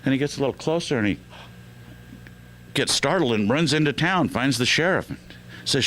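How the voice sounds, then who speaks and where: A man's voice: medium pitch, sing-song, a little fast, pauses often, a bit bright. A man hosting a radio show, telling joke after joke in a loose, joking way with lots of fillers. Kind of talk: telling jokes on air.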